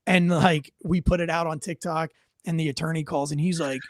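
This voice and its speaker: A man's voice: a little high, fairly even intonation, a little fast, no room sound, clean studio sound. A middle-aged man hosting a casual live chat, telling rambling, profane stories and acting out what people said. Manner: rambling storyteller, swears freely, acts out quotes. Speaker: host, former police officer.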